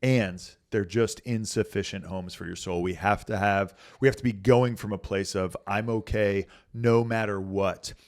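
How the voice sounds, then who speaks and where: Low-voiced pastor telling a story. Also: male voice, moderate pace, hardly any pauses. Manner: earnest, storytelling, lots of filler words. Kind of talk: casual podcast conversation.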